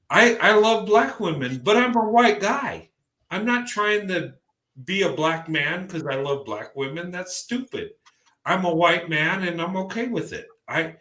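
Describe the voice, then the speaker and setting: Guy hosting a chat show, talks in loops and restarts, bright voice, kinda echoey room. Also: sits high. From American South. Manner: rambling, repeats words when starting a thought. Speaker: podcast host. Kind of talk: casual chat.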